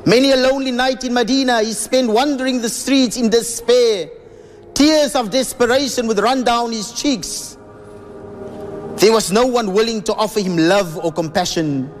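A man narrating a religious story in an earnest, emotive, reverent way. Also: sits high.

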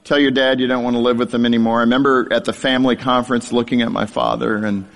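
A man's voice: mid-range voice, flat delivery, fast talker, gravelly, a bit bright. A middle-aged man giving a humorous testimony sermon to an audience, a self-deprecating storyteller who chuckles at his own story. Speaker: speaker sharing his testimony. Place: large hall before an audience. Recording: reverberant hall.

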